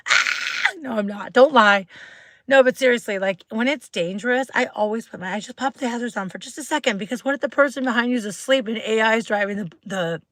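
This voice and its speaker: A woman's voice: fairly high pitch, fast talker. A woman hosting a casual live stream, chatting to viewers in a bubbly way, full of "like" fillers and greetings. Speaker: livestream host.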